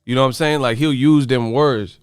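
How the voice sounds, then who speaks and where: A man's voice: medium pitch, brisk, clear, resonant tone, dry recording, clean studio sound. A man hosting a livestream, reading the chat aloud and ranting at viewers in a profane, mocking way. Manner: profane, mocking, animated rants. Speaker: host.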